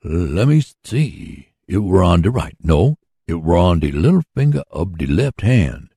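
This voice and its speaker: Folksy earnest old sawmill worker, read by a man, deep gravelly voice, husky edge, storybook reading. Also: big pitch swings, a little slow, dark tone, dry recording, clean studio sound, exaggerated voice. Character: hard-working older man running a mule sawmill.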